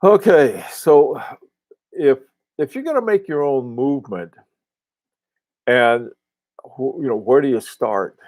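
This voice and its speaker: A man hosting a casual livestream, answering viewers in a halting, rambling way with many restarts and fillers. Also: medium pitch, expressive, darkish tone, no echo. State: has the hiccups. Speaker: host of a live watch talk.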